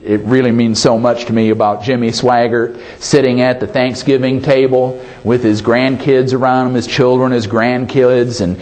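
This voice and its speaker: A man's voice: mid-range voice, normal speed, few pauses. A man preaching a sermon, emphatic, often calling out for an amen. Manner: emphatic, calls for amens, animated delivery. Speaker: pastor.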